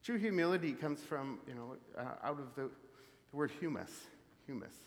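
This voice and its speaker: Here his voice sits in the mid range, expressive and at a moderate pace, as the Canadian prairie man preaches casually and reflectively with plenty of fillers. The recording carries the echo of a large hall.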